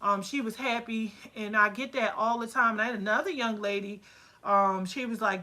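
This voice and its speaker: An excitable woman chats on a livestream, rambling happily through fillers and quoted asides. Her voice sits a little high and rings bright. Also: moderate pace. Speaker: candle-making business owner. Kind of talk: casual livestream chat.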